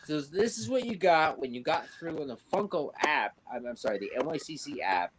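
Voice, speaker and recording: Animated joking man hosting a livestream. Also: on the high side, fairly quick, slight background noise, poor audio. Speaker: host. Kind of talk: casual livestream chat.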